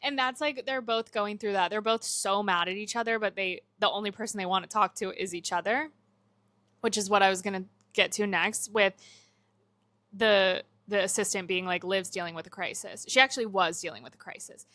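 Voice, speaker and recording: A young woman with a bright, forceful voice cohosts a casual movie podcast. She retells scenes with lively energy and drops into quoted lines from the film. The sound is dry and close, with little room around it. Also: mid-range voice, fairly quick, dry recording. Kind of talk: casual chat.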